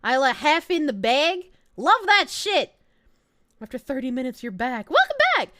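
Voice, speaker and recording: High-voiced Boston woman streaming. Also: normal speed, dry recording, clean studio sound. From Boston, USA. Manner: animated, swearing, laughs often, reads chat aloud. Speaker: VTuber streamer. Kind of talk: casual live-stream chat reading.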